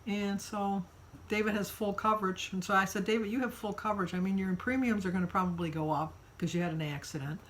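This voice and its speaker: A woman's voice: mid-range voice, steady tone, fast, low-quality recording. An older woman from Michigan chatting casually in her daily vlog, telling a long story with lots of fillers. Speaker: vlogger.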